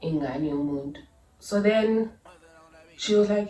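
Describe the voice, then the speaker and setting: A woman's voice: mid-range voice, normal speed, distant mic. Chatty South African woman, echoey room. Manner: chatty, animated retelling with asides and laughs. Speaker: YouTuber. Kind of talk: casual storytime vlog. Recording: echoey room, a little off-mic.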